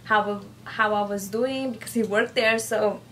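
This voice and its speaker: A woman's voice: mid-range voice, steady tone, measured pace, fairly bright tone, distant mic. A woman vlogger telling a personal story in a chatty, casual way, addressing viewers as "guys" and filling her speech with "like" and "you know.". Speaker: YouTuber. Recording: voice a bit off-mic, faint background noise.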